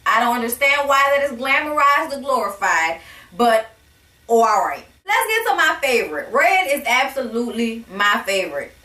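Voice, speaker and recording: A high-voiced woman rants about a reality TV episode in a sassy, blunt, profane way. Her voice is bright. The room is echoey and she sits a little back from the mic. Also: big pitch swings, normal speed, far from the mic. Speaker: reality TV reviewer. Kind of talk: casual rant to camera.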